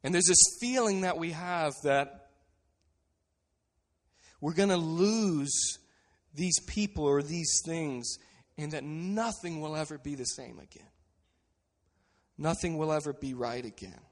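A man's voice: on the high side, slow, long pauses. Earnest preaching man in a reverberant hall. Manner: earnest preaching, drops to quiet emphasis on key phrases. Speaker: pastor. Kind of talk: sermon.

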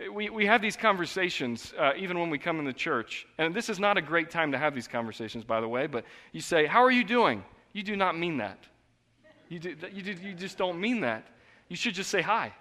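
A man preaching a sermon in an earnest, conversational way, moving between quiet reflection and emphatic outbursts, in a church. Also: on the high side, long reverb tail. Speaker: pastor. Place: church sanctuary.

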